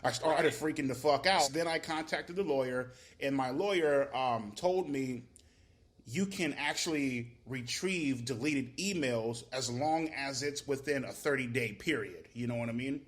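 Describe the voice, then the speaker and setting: A man's voice: mid-range voice, a little slow. Rambling, foul-mouthed man. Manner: rambling, swears heavily, leans on "you know what I mean". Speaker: interviewee. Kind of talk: casual, profane interview answers.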